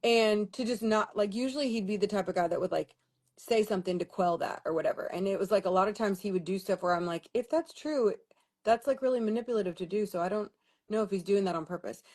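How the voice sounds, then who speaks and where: A young woman talks straight to her livestream audience, venting about a relationship in a frank, exasperated, profanity-laced way. Her voice sits at an ordinary middle pitch for a woman. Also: fairly even intonation, fast talker, darkish tone. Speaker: vlogger. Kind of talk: casual storytelling livestream.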